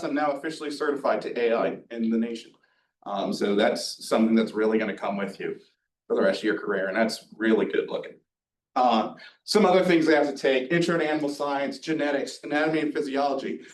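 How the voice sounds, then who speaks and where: A man's voice: mid-range voice, slight background noise. A young man in his twenties giving a casual, chatty presentation with lots of ums and asides. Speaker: student presenter at a career night. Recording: echoey room, distant mic.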